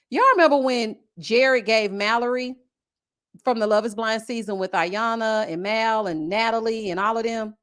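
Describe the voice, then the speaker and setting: Sassy, animated Southern woman streamer. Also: on the high side, normal speed. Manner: animated, sassy, drawling asides to viewers. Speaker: reality TV review host. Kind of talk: casual live-stream commentary reading chat comments. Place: home setup with a desk mic.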